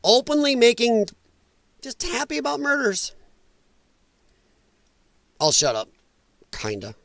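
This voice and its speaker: High-voiced man ranting on commentary. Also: huge pitch swings, takes it slowly, vocal fry, fairly bright tone, dry recording, clean studio sound. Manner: emphatic, repetitive, angry ranting. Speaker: commentary show host. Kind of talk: reaction commentary rant.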